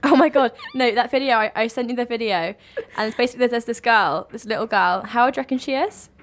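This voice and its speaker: A young woman co-hosting a chat podcast, giving advice and teasing her friend with quick asides. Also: fairly high pitch. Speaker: podcast co-host. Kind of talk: casual chat.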